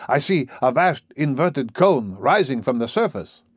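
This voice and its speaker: A male narrator voicing an excitable, obstinate old professor explorer who speaks emphatically. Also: mid-range voice, measured pace, slightly rough, dry recording, studio quality. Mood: excited. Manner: emphatic and stubborn.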